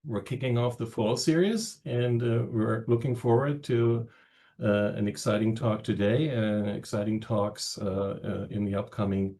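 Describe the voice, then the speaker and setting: A man with a German accent giving seminar opening remarks as a research network director over a video call, halting with many fillers and pauses. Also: on the low side, fairly even intonation, dark tone.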